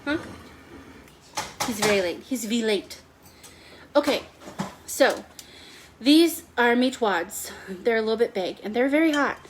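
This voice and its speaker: A woman's voice: on the high side, lively intonation, measured pace, long pauses, a little hiss or hum. A woman hosting a chatty live cooking stream from her home kitchen, rambling and talking to viewers by name. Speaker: home cooking livestream host.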